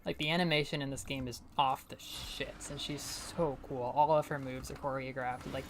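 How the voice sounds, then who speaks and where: A woman's voice: extremely low pitch, steady tone, moderate pace, slight background noise. A young woman from New England, casually chatting and rambling with lots of fillers and laughter while streaming a game. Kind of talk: casual gameplay commentary.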